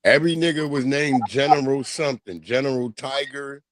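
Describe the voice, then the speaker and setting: A man from New York co-hosting a podcast, telling comic stories in loose banter and breaking into loud impressions of people. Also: mid-range voice, normal speed, no echo. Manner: animated storyteller who mimics people in loud bursts. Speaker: podcast co-host.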